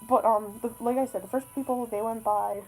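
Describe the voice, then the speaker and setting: A woman's voice: a little high, fairly even intonation, brisk, a little mellow, soft background music, rough recording. A young woman telling a story in a casual vlog, rambling, swearing and joking at her own expense. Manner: rambling, swears a lot, self-deprecating. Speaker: vlogger.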